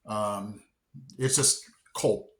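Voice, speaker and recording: A man's voice: on the low side, steady tone, drawn-out words. A man hosting a casual vlog, chatty and upbeat, often poking fun at himself. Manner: upbeat, chatty, self-deprecating. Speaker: vlog host. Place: indoor room. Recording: roomy echo.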